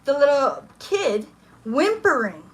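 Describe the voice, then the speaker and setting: A woman's voice: high voice, sing-song, takes it slowly. Profane, agitated woman ranting on a livestream. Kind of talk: casual livestream chat. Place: home kitchen. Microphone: phone.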